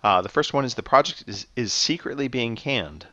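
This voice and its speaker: A man's voice: mid-range voice, normal speed, no echo, dull audio. A man co-hosting a gaming podcast, reading out news and quizzing his co-hosts in a teasing, game-show way. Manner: animated, teasing quiz-show delivery. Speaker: podcast co-host running a quiz. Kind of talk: casual gaming chat.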